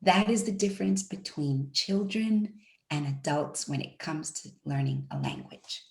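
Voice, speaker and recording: A woman, a language coach, answering interview questions in an animated way and acting out the voices she quotes. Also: sits low, a little slow, vocal fry. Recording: roomy echo.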